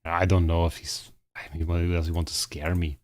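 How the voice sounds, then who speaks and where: A hoarse man streaming a game live, commentating and fretting over a rival player while talking to his chat. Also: sits low, level tone, moderate pace, darkish tone. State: hoarse, strained voice.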